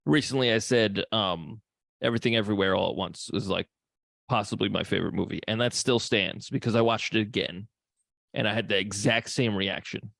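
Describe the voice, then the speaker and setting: Gravelly man chatting on a podcast. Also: on the low side, brisk, a bit bright, no echo, studio quality. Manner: easygoing, swears casually. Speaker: podcast co-host; second grade teacher. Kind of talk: casual chat.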